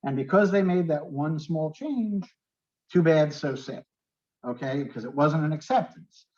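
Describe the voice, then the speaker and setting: A man's voice: fairly high pitch, a little slow, darkish tone, highs cut off. New York man teaching a class. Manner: explains with everyday examples, checks in with okay. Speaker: real estate instructor. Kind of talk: online class lecture.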